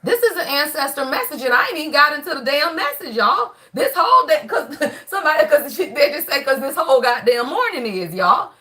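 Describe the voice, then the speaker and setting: A woman's voice: high voice, very animated, fairly quick, few pauses, pushed and bright. A woman, giving a casual live spiritual reading, loose and profane, talking straight to her viewers. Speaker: spiritual reader on a livestream.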